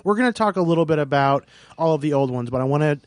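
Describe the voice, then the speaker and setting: A man's voice: on the high side, lively intonation, quick pace, no echo. A man hosting a casual podcast, steering the talk with a joking manner. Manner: jokey, leads the conversation. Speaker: podcast host.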